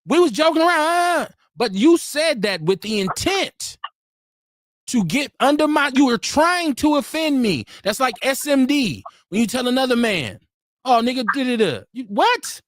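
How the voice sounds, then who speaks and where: Man, high-pitched, animated, argumentative, acts out quotes, dry close sound. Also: moderate pace, dry recording. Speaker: podcast co-host. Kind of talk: heated casual debate. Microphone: remote stream.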